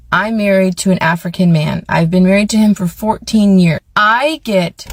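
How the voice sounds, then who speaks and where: A woman's voice: mid-range voice, rough recording. A woman telling a personal story to camera in a heated, indignant way.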